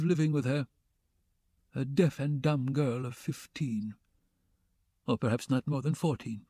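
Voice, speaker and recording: A man reading the part of a stiff, self-important middle-aged gentleman who speaks formally and precisely. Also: fairly high pitch, dry recording, clean studio sound, close to an everyday voice. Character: stiff pompous middle-aged male suitor.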